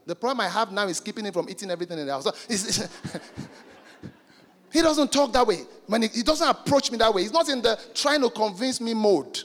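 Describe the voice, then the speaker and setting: High-voiced preacher in a hall. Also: male voice. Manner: emphatic, calls out to the congregation. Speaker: pastor. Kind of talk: sermon. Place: church hall. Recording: reverberant hall with soft music.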